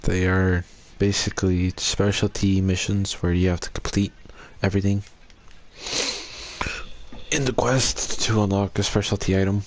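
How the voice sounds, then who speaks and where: A man hosting a gaming channel, talking through a casual game recap in a relaxed, rambling way with hesitant fillers. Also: deep voice, normal speed, slight background noise.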